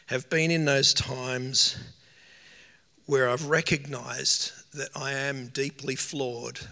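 A man's voice: medium pitch, creaky, pushed and bright. Earnest male preacher in a reverberant hall. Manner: earnest, emotional, slow emphatic phrasing. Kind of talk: sermon.

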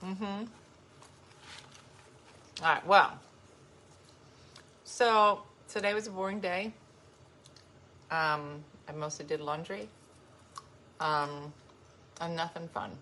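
A woman's voice: on the low side, fairly even intonation, slow, long pauses, pushed and bright, a little hiss or hum. A woman vlogging at home in casual chat, rambling and playfully grumpy while sharing snacks with her dogs.

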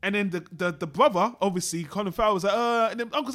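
Animated high-voiced man reviewing a film. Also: fast, few pauses. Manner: animated, swearing, acts out characters in his retelling. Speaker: podcast co-host. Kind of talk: casual film discussion.

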